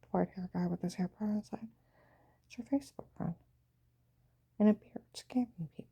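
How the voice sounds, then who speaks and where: A woman's voice: mid-range voice, fairly quick, vocal fry, dark tone, breathy edge. A woman telling a rambling, agitated personal story, often dropping into a half whisper.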